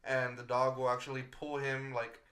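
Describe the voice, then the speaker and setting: A blunt, profane man co-hosting a podcast. His voice is bright and a bit tense, in the middle range for pitch. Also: flat delivery, normal speed. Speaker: podcast co-host. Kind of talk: casual podcast banter.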